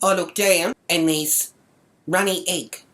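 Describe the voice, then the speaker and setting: A woman's voice: on the low side, fairly even intonation, slow, fairly bright tone. An Australian woman vlogger telling a story to camera in an indignant, coarse rant, swearing constantly. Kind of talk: ranting comic storytelling to camera.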